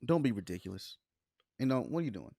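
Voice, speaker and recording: A man's voice: medium pitch, big pitch swings, fast talker, gravelly, warm tone, breathy edge, dry recording, studio quality. A man in his thirties co-hosting a casual comedy podcast, telling stories and laughing often. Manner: storytelling, laughs often, acts out quotes. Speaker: podcast co-host.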